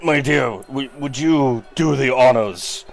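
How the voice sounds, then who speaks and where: Give me a man playing a pompous town leader who makes grand speeches, slow and drawn out. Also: mid-range voice, creaky, soft background music. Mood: pompous, proclaiming. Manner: grand, declaiming public speech.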